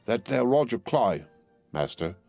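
A man voicing a threatening, blunt middle-aged London porter who speaks in rough, uneducated speech. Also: mid-range voice, big pitch swings, measured pace, darkish tone, soft background music, pitched above the performer's own voice, exaggerated voice. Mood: menacing.

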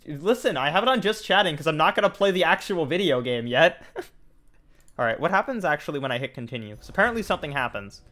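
A young man streaming a game live, chatting casually, jokey and excitable, his voice jumping up when he gets indignant. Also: a little high, fast talker. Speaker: VTuber streamer. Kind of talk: casual livestream chat.

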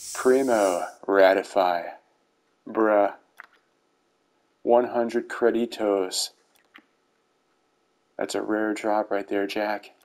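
Slow, low-voiced dad cracking dry jokes. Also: male voice, creaky, a little mellow, a little hiss or hum, rough recording. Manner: dry dad-joke humor, unhurried. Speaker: YouTuber reviewing game rewards. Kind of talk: casual commentary over gameplay footage. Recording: faint background music.

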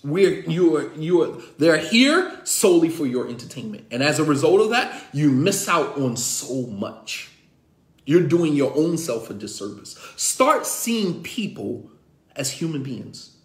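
Emphatic imam lecturing in an echoey room. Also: male voice, a little high, very animated, unhurried. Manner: emphatic, repetitive, rhetorical questions. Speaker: imam and teacher. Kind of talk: impassioned religious class lecture.

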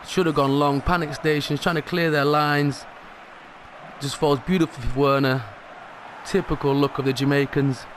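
A man commentating his own football video game match as he plays, excitable and rising sharply in pitch at big moments. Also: slight background noise. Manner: excitable, rises sharply at goals. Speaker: gaming commentator.

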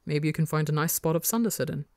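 A storyteller voicing a gentle, easygoing father speaking fondly to his children. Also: medium pitch, quick pace, no room sound, studio quality, close to an everyday voice. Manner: soft, fond, easygoing.

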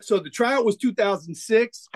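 A man in his forties telling animated stories as a podcast guest, acting out quoted dialogue. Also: high-pitched, normal speed, slight background noise. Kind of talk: casual storytelling interview.

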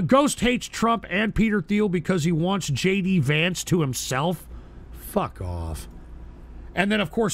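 A man hosting a livestream, reading viewer donations and swearing at his chat, often shouting angrily. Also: high voice, creaky. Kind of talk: profane livestream rant.

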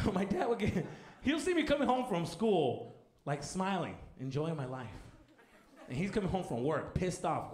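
A young male stand-up comedian telling family stories with animated energy. His voice sits high and swings widely. The sound is echoey with background noise. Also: normal speed. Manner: animated, acting out family members.

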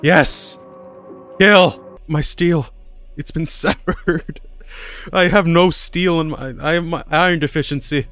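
A man's voice: a little high, slow, pauses often, a bit bright, clear, resonant tone, no room sound, faint music behind. A man who streams games, giving crude, joking, rambling commentary as he plays. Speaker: gaming streamer. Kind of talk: casual gameplay commentary.

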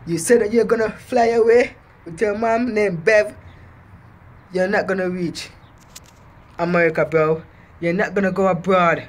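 A man's voice: high voice, steady tone, moderate pace, long pauses, slight background noise. A man rapping a diss track on his vlog and then taunting his target in boastful, repetitive jabs.

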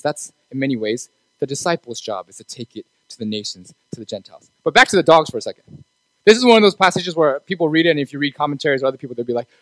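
High-voiced youth pastor, casual. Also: male voice, a bit bright, no room sound, low-quality recording. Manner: conversational, asks the room for agreement. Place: church.

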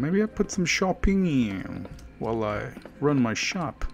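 A man narrates his gameplay in a relaxed let's play, cracking jokes and greeting the game's characters as if they could hear him. He takes his time between phrases, yet his voice leaps up and down with lively swings. Faint game music plays quietly behind him. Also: medium pitch, measured pace, creaky. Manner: jokey, chatting to game characters and to himself. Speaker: gaming video host. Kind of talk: casual let's play commentary.

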